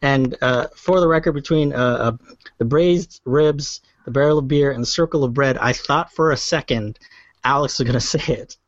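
A man's voice: medium pitch, normal speed, no room sound. A man hosting a casual quiz game, joking and laughing easily. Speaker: quiz host. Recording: dry, dull sound.

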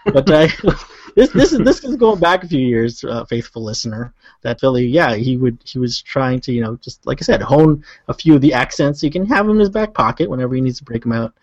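A man hosting a podcast in casual chat, rambling through his points with fillers and chuckles. His voice sits at a middle pitch. The recording is dry and slightly dull. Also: lively intonation, a little fast, darkish tone, dry recording. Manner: rambling, many fillers and laughs. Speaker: podcast host.

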